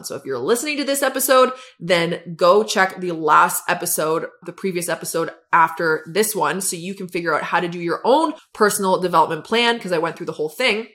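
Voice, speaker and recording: A young woman hosts a self-help podcast in a blunt, profane, emphatic pep-talk style. Her voice sits at an ordinary middle pitch for a woman. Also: fairly bright tone. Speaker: podcast host.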